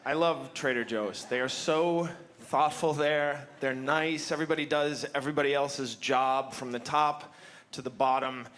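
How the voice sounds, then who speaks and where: A stand-up comedian on a club stage, delivering sarcastic, mock-indignant rants into a handheld mic. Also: male voice, mid-range voice, steady tone, moderate pace, fairly bright tone, clean tone. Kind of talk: stand-up set.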